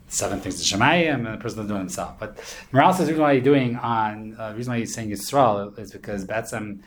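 A man's voice: fairly low pitch, slight background noise. A man teaching an informal Torah class, explaining in a loose, rambling way with many fillers and Hebrew terms.

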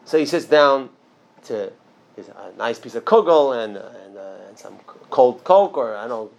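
A man teaching an informal religious class, talking conversationally with restarts and asides, and jumping up in pitch and loudness to stress his points.

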